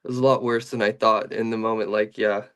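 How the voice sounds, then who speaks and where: A man's voice: lowish voice, little pitch movement, fast, a bit bright. A young man in casual podcast chat, telling a long story with many restarts and fillers.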